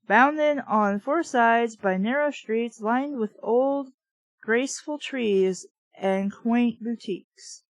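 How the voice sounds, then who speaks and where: A woman's voice: on the high side, no echo, poor audio. A woman reviewer reading a novel aloud with sarcastic, profane asides. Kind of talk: mocking read-aloud of a novel.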